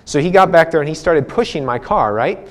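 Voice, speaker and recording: A man's voice: a little high, expressive, a little fast. A male preacher giving a conversational sermon, telling a personal story with frequent restarts and laughing at himself.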